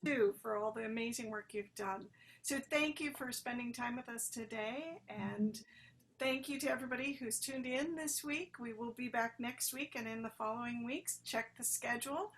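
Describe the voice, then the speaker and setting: A woman's voice: fairly high pitch, normal speed, a bit bright. Gracious woman host on a video call. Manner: gracious, hesitant with fillers. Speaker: host, interviewer. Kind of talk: webcast interview.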